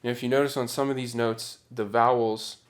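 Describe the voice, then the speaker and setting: A man's voice: mid-range voice, little pitch movement, brisk. A man teaching a singing diction lesson, explaining patiently step by step. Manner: patient, instructive.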